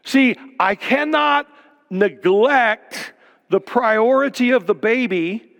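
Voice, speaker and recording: An older man preaching a sermon, firing off rhetorical questions and dropping to a hush on key words. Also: very high voice, takes it slowly, vocal fry, big-room sound. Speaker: pastor.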